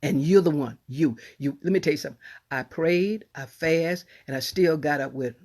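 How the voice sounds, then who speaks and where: A woman pastor preaching a sermon in a folksy, emphatic way, swinging from soft asides to raised cries. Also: sits low, normal speed.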